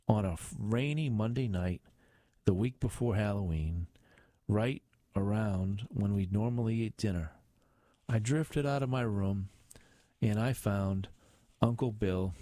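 An older man narrating a memoir audiobook in a measured, reflective way. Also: fairly low pitch, darkish tone, no echo.

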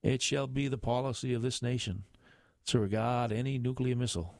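A man's voice: medium pitch, fairly even intonation, a little fast, gravelly, no room sound, studio quality, pitched above the performer's own voice, close to an everyday voice. A man imitating a president giving a formal address on television. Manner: formal, declamatory.

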